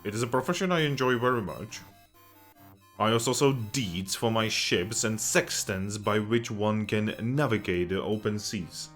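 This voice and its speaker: A man's voice: lowish voice, unhurried, fairly bright tone, faint music behind. A man voicing a proud, contented male shipwright who talks in old-fashioned formal phrases. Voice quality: archaic formal speech.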